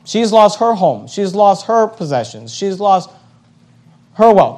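A male preacher giving a sermon, emphatic and repetitive, his voice climbing to loud high peaks. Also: big pitch swings, a little slow.

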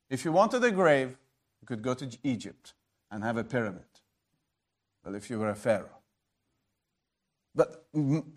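Male preacher, sermon delivery, a bit higher-pitched, loud-then-quiet emphasis, rhetorical questions. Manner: addresses listeners as friends.

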